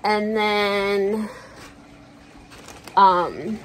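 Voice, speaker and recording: A woman's voice: mid-range voice, drawn-out words, slight background noise, low-quality recording. A woman vlogger chatting casually to camera at home, telling stories in a slangy, joking way. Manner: chatty, slangy, jokey storytelling.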